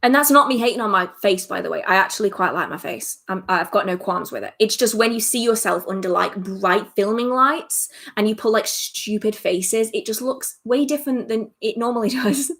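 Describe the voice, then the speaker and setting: A young English woman hosting a casual livestream Q&A, chatty and self-deprecating, laughing often, filmed under bright lights at home. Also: medium pitch, moderate pace, few pauses. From England. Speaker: witchcraft livestream host.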